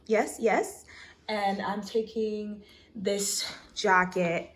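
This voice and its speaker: A woman's voice: medium pitch, steady tone, drawn-out words. A woman in her twenties talking casually to her vlog camera, chatty and upbeat with a nervous edge. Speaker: vlogger.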